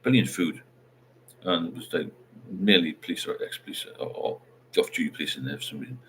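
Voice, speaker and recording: A man's voice: a bass voice, fairly quick, a little hiss or hum. A middle-aged man, hosting a casual livestream chat and rambling while he reads out viewer comments. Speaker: livestream host.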